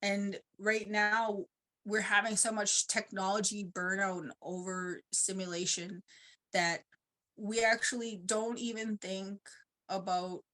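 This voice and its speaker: Woman panelist, casual storyteller, rambling, mid-pitched. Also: level tone, slow, sharp tone. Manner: casual and rambling, uses 'like' a lot. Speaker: conference panelist. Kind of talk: personal storytelling talk.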